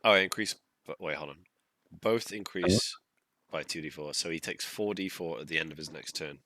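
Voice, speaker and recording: Very deep-voiced man, bright tone. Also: normal speed, no echo. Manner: chatty, checking rules aloud. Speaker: player. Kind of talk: casual chat during a tabletop game.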